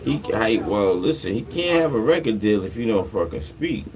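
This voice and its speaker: A man's voice: fairly low pitch, normal speed, a crowd in the background. A man hosting a livestream, casually retelling a dispute with lots of swearing and acted-out back-and-forth. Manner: animated, swears freely, retells conversations. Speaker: livestream host. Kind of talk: casual profane storytelling.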